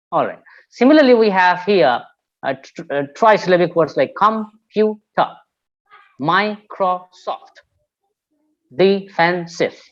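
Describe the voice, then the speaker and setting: A male teacher gives an English pronunciation lesson in a careful, measured way. He often stops with hesitant fillers while explaining. The recording sounds a little muffled and lo-fi. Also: fairly high pitch. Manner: careful explanations, many "uh" pauses. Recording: slightly dull lo-fi recording.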